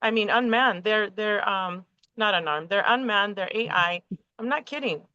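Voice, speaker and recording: A woman's voice: mid-range voice, moderate pace, clean tone, no echo. A woman hosting a casual, rambling chat full of swearing and restarts, over lo-fi call audio. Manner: rambling, profane, excitable. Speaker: podcast host.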